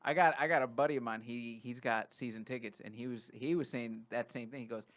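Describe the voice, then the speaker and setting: A man's voice: medium pitch, steady tone, brisk, fairly bright tone, dry recording. A middle-aged man, a comedian guest on a podcast, chatting casually in a rambling way full of fillers. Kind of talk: casual chat. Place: podcast studio.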